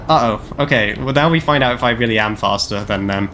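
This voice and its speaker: A man in his twenties talks through a live game stream in a loose, rambling way. He jokes at his own expense and fills his sentences with casual fillers. His voice sits at an ordinary middle pitch, with faint noise in the background. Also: fast talker, hardly any pauses, fairly bright tone. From Canada. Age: 20s. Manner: rambling, self-deprecating, jokey, lots of "like" fillers.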